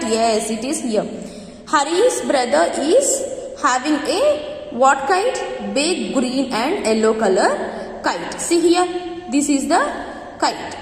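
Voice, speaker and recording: A woman teacher reading a story to young children, often asking them questions. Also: sits high. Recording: echoey room with long reverb.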